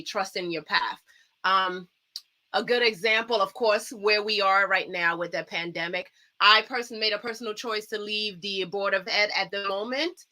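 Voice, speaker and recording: A woman's voice: medium pitch, sharp tone. A woman guest, a dancer, talking in an earnest, uplifting way and telling stories with animation on a talk series. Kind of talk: casual talk show chat.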